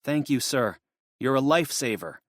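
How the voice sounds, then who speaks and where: An urgent young man on a desperate road trip in an audiobook, earnest and pleading, as a male narrator performs him. The voice sits noticeably higher than the narration. The sound is dry and close. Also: animated, normal speed, no echo, lightly acted.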